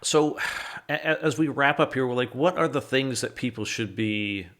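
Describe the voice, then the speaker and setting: A man hosting a podcast, asking questions in a relaxed, chatty way. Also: mid-range voice, moderate pace. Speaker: podcast host. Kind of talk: casual interview.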